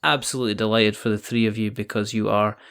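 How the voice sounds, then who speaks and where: A man's voice: on the low side, little pitch movement, fast, a bit bright, smooth. A Scottish man hosting a casual podcast chat, jokey, rambling and self-mocking. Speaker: podcast host.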